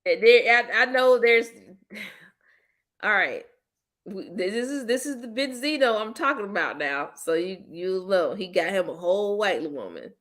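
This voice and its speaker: A woman's voice: mid-range voice, expressive, measured pace. Blunt, laughing woman podcast host. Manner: laughs often, loud playful bursts; slangy, blunt and teasing. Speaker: host of a commentary channel. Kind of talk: casual chat reacting to viewers.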